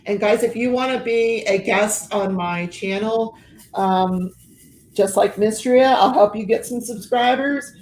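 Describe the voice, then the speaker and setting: A woman's voice: on the high side, a little slow, a little mellow, roomy sound, a little hiss or hum, poor audio. An older woman hosting a casual livestream chat, laughing often and reading viewer comments aloud. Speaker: host of a diamond painting live show. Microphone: headphones and computer mic, video call.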